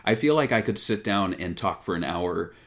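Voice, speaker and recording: A man co-hosting a podcast, chatting casually about games with a relaxed, hesitant manner. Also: low voice. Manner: relaxed, hesitant, does quick impressions. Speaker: podcast co-host. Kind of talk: casual chat.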